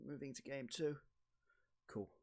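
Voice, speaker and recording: A man streaming a card game, muttering commentary to himself with sudden excited outbursts. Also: medium pitch, a little slow. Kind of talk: casual gameplay commentary.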